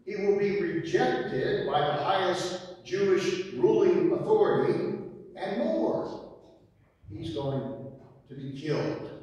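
Slow-preaching pastor in an echoey church. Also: male voice, fairly high pitch, darkish tone. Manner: deliberate preaching with rhetorical questions. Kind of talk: sermon. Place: church sanctuary. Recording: echoey sanctuary from far off.

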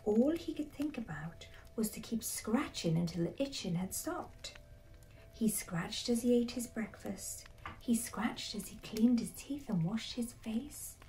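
A woman narrating a bedtime story in a soft, hushed, slow whisper. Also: fairly high pitch, animated, recorded from a distance, low-quality recording.

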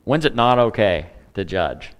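Pastor type, deep male voice, relaxed sermon with light jokes. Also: unhurried, clean tone. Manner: conversational preaching with humor and asides.

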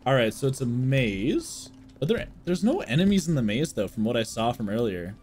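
A man's voice: mid-range voice, normal speed, slight background noise. A young man casually commentating his gameplay for chat, joking and swearing often. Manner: excitable, jokey, swears a lot, talks to chat. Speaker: streamer.

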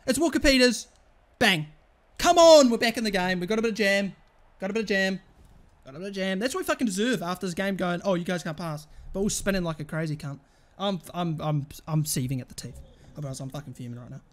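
A young man streaming a football video game, swearing constantly and switching between shouted outbursts and muttered grumbling at the match. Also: high voice, fast. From England. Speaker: gaming streamer. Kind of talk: live gameplay commentary.

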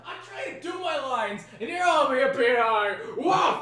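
Exasperated man yelling at his dog. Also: very high voice, expressive, moderate pace, roomy sound, recorded from a distance. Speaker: fan dub creator. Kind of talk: shouting rant at his dog.

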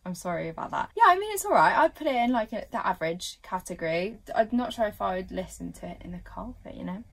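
A woman's voice: mid-range voice, very animated, fast talker, vocal fry. Chatty young woman, giggly reactions. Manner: chatty, giggly, lots of likes and fillers. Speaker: reaction vlogger. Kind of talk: casual reaction commentary.

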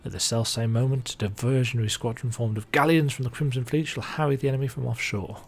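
A man's voice: mid-range voice, steady tone, quick pace, lightly acted. A man reading the lines of a stern female pirate admiral in a game, giving clipped orders. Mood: commanding.

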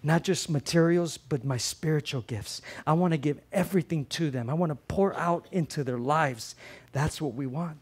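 Here a middle-aged man gives a sermon as a pastor, his fairly high voice slightly rough and his speed normal. Loud, emphatic passages give way to gentle, earnest ones, and he repeats phrases for impact.

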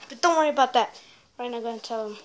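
A woman's voice: on the high side, rapid-fire. A teenage girl vlogging a prank on a handheld device, rambling and restarting her sentences. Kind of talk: casual prank vlog. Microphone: phone or tablet held in hand. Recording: echoey room with background noise.

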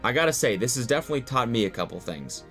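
A man narrates his own vlog with lively, swinging intonation, reading comments and reflecting out loud. Soft music plays faintly underneath his mid-pitched voice. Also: racing. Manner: animated, reflective, reads comments aloud. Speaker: video creator.

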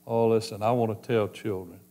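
A man preaching a sermon, telling folksy stories and swinging between loud and soft. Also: on the low side, steady tone, brisk. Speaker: pastor.

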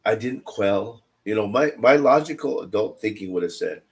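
Animated storytelling man, lowish voice. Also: moderate pace. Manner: animated, repeats phrases for emphasis, jumps between quiet asides and loud quoted lines. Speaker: Bible study teacher. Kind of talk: casual storytelling in a Bible study.

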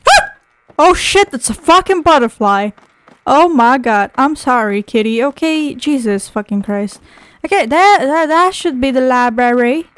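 A woman's voice: high voice, expressive, unhurried, fairly bright tone, clear, resonant tone, poor audio. A woman playing a horror game on video, jumpy and swearing constantly, shrieking at scares. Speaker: gaming video creator. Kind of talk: horror game playthrough commentary.

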